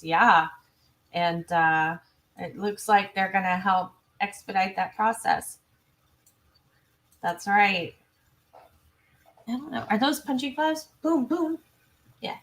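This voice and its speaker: A woman's voice: mid-range voice, a bit bright. Chatty woman hosting a livestream. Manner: chatty, self-interrupting, quick asides to viewers. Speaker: true crime channel host. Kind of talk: livestream commentary reading viewer chat. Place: home.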